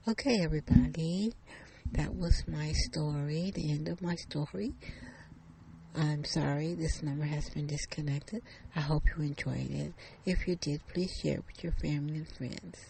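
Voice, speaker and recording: Gravelly woman telling a story. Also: deep voice, moderate pace, slight background noise. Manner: hushed, suspenseful delivery. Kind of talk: storytelling narration.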